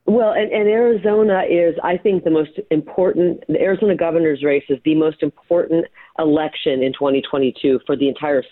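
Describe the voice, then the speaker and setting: A woman with a low, steady voice speaks a little fast as a guest political candidate, heard over a tinny, dry phone line. Her campaign talk is blunt, forceful, and emphatic, with scattered fillers.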